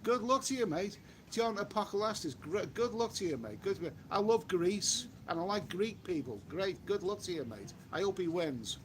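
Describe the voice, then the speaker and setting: A fairly high-voiced English man rambles through a casual live stream from the seaside, restarting sentences and tossing in mild swearing. Faint outdoor ambience sits behind his voice. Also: expressive, normal speed, slight background noise. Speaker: travel vlogger live-streaming. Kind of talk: casual live-stream chat reading viewer comments. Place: outdoors by a beach.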